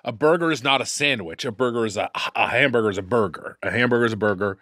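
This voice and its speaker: Guy cohosting a comedy podcast, bright voice, dry close mic, swears a lot and trips over his words. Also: mid-range voice, fast talker, dry recording. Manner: emphatic, profane, stumbling restarts. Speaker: podcast co-host. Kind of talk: casual comedic chat.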